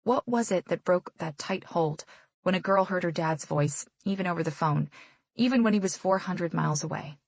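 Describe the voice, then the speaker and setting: A woman's voice: on the low side, moderate pace, creaky, a little mellow, no room sound. A woman narrating a romance audiobook in first person with an intimate, reflective manner.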